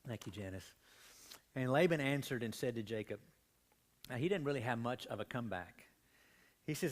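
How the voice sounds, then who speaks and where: A man's voice: medium pitch, moderate pace, long pauses. A man preaching a midweek Bible study in a church, reading scripture with growing intensity and a strained voice. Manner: animated, reads scripture with rising intensity. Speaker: pastor.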